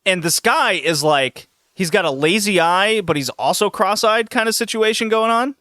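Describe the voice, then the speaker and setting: A man hosting a podcast, telling a story in a casual, animated way with lots of laughs and restarts. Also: sits high, normal speed, no echo, studio quality. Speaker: podcast host.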